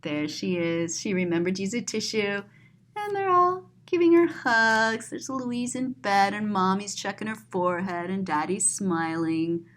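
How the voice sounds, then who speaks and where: A woman's voice: mid-range voice, lively intonation, measured pace, a bit bright, slight background noise. A woman teacher reading a picture book aloud to children, dramatic and describing each picture aloud with gasps and exclamations. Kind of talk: expressive children's read-aloud.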